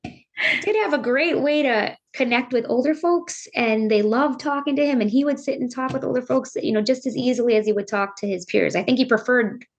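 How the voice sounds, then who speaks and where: A middle-aged woman, a bereaved mother, telling her story earnestly and haltingly as a podcast guest. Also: on the high side. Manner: earnest, halting, circling back on her words. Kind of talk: emotional personal storytelling.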